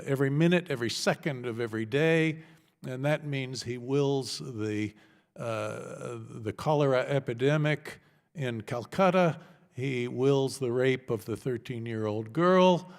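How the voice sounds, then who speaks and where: A man gives expert testimony to a committee, explaining points in a measured, lecturing manner and pausing between phrases. His voice sits in a mid range. The large room adds a long reverb. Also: mid-range voice. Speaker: expert witness. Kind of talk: congressional testimony. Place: congressional hearing room.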